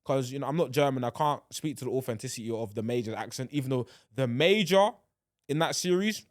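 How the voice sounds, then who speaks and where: Brief: young guy, solo podcast host, lively swinging delivery, dry close sound, rambly and excitable. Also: mid-range voice, brisk, no room sound. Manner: animated, rambling, restarts sentences often. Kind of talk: casual solo podcast chat.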